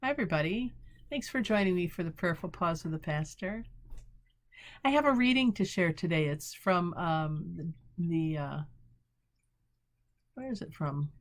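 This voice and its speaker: A woman pastor giving a short prayerful devotional talk, gentle and unhurried, reading a devotion slowly and searching for words as she reflects. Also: on the low side, lively intonation.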